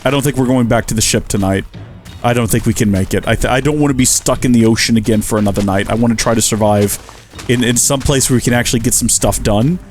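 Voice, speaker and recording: Fast-talking at a medium pitch, an American man commentates on a survival game as a let's player. His manner is chatty and jokey, he speaks to the animals on screen, and faint game music runs behind him.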